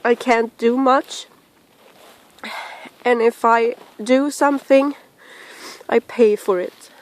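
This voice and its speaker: Tearful woman, slow and halting. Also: fairly high pitch, fairly even intonation. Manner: halting, with sighs and restarts. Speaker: podcaster addressing her listeners. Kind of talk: personal message to camera. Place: at home.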